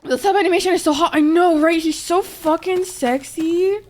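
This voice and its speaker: A woman's voice: very high-pitched, moderate pace. A woman live-streaming a game and chatting with viewers, gushing and teary, swearing freely as she thanks them. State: teary, crying. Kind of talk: casual live-stream chat. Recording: music playing behind. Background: background music.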